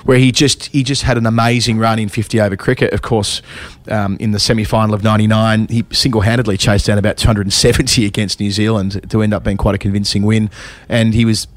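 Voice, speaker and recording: A man's voice: on the low side, level tone, fast talker, few pauses, dry recording. A man co-hosting a casual cricket chat, thinking aloud and trailing off mid-thought. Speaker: podcast co-host.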